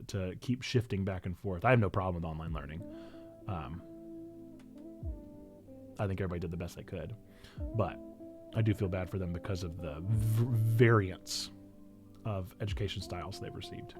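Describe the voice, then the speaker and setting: A pastor from Illinois with a Northern Illinois accent, chatting casually on a livestream and answering chat in a playful, self-mocking way. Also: male voice, low voice. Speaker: pastor and streamer.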